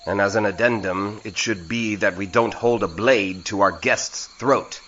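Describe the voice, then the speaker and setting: A man voicing a lion-like feline noble in an audio drama, measured, formal and persuasive. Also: on the low side, a bit bright, muffled recording, slight background noise. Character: lion-like male feline noble, calm diplomat. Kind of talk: indie audio drama acting.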